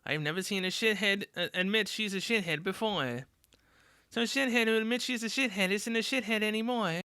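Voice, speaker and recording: A blunt, tough-talking teenage girl fighter, voiced by a woman in a story game reading. Her voice is bright and smooth, recorded close and dry. She swears casually and says things straight. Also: medium pitch, brisk, dry recording.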